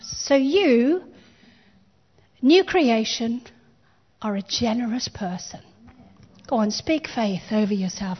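A woman's voice: a little high, highs cut off. A woman pastor preaching a sermon, building emphasis with repeated phrases and calling on the congregation to respond.

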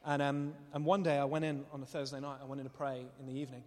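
A man preaching a sermon, telling stories in an animated way and laughing often as he speaks. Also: mid-range voice, fast talker. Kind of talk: sermon with storytelling. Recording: long reverb of a hall.

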